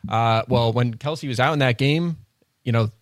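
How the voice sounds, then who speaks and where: A man co-hosts a sports podcast, working through the stats in a steady, analytical way. His voice sits in a middle range. The recording is dry and close. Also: mid-range voice, normal speed, no room sound. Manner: analytical, stat-heavy, steady. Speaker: podcast co-host, fantasy analyst. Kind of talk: casual sports podcast chat.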